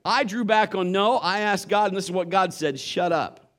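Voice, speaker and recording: Animated male preacher telling a story. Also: high voice, normal speed. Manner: animated storyteller acting out voices. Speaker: pastor. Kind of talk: sermon with storytelling.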